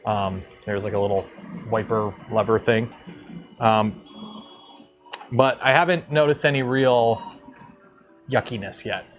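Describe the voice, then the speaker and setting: A man's voice: on the low side, a little slow, pauses often, muffled recording, slight background noise. Casual rambling livestream host, man. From Canada. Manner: rambling, lots of ums and self-corrections.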